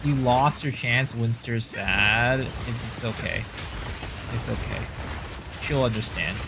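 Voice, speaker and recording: A man's voice: medium pitch, slow pace, creaky, background noise. A man streaming a game, casually commenting, joking and answering his viewers as he plays.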